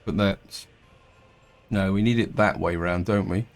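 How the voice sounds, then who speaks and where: A man's voice: low voice, fairly even intonation, a little slow, faint music behind. A middle-aged man casually commenting on his gameplay, thinking aloud with hesitant restarts and fillers. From England. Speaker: game let's-player.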